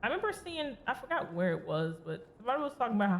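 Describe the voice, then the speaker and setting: A woman streamer gives chatty, giggly commentary while playing a video game, talking back to its characters over faint game music. Her mid-range voice swings widely in pitch and comes out rapid-fire.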